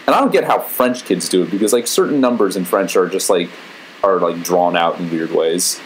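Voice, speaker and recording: A man co-hosting a casual chat, telling stories with lively jumps into high excited voices. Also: a little fast, slight background noise, rough recording. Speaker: co-host.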